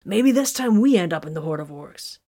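A woman reading the part of a boisterous young male warrior twin, loud and eager, in a storybook reading. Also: fairly low pitch, lively intonation, a little fast. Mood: dreamy.

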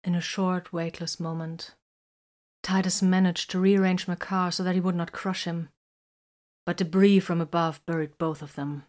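Female narrator, lowish voice, measured scripted storytelling. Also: flat delivery, darkish tone.

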